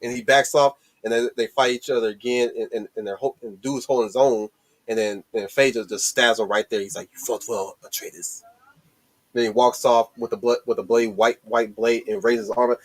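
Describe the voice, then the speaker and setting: A man hosting a casual movie discussion stream, excited and rambling, with lots of restarts and swearing. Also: medium pitch, brisk. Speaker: host.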